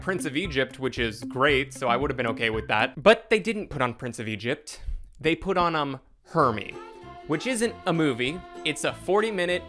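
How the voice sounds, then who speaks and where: A young man riffing through a sarcastic commentary in a casual, self-mocking way. His voice is bright and sits slightly high. Faint background music plays behind him. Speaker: commentary host.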